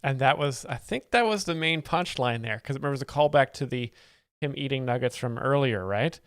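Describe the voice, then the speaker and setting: A male host explaining jokes in a deadpan, mock-serious expert manner, often halting over his words. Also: mid-range voice, clear, resonant tone, no echo.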